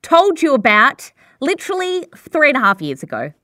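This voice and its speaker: A woman's voice: sits high, wildly swooping pitch, moderate pace, bright, forceful tone, no echo, clean studio sound. An Australian woman co-hosting a podcast, teasing her co-host in casual chat. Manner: teasing, playful.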